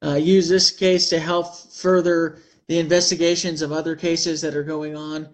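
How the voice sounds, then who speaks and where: A man's voice: fairly high pitch, flat delivery, normal speed. A man hosting a casual talk show, rambling through heated opinions with laughs between phrases. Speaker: host.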